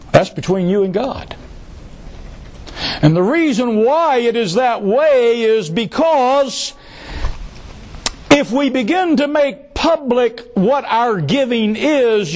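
A man's voice: extremely high pitch, lively intonation, takes it slowly, a little mellow. A male pastor preaching a sermon, who repeats key phrases for emphasis and adds joking asides.

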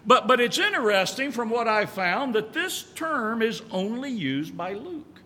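Folksy preacher with a lively, high voice. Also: male voice, unhurried, in a large hall, a little hiss or hum. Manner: folksy, repeats phrases, stretches key words. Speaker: pastor. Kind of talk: sermon.

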